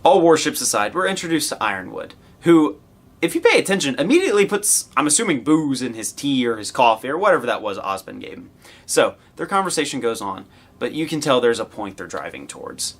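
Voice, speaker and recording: A male show host gives a casual, excited review. His pitch swings widely as he talks, and he rambles through asides before breaking into loud cheers. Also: brisk.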